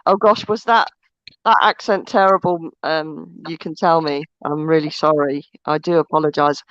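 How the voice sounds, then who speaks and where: A woman's voice: low voice, steady tone, moderate pace, no room sound. A woman co-hosting a live stream in casual chat, laughing, swearing cheerfully and poking fun at herself. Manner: laughing, swearing, self-deprecating. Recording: dull lo-fi stream audio.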